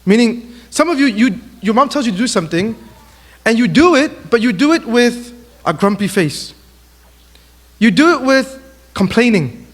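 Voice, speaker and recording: A man with a notably high voice preaches to young people, spinning lively personal stories and acting out quick exchanges as he goes. His voice rings out with a long hall reverb. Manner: animated storytelling, acts out quotes. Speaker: youth speaker.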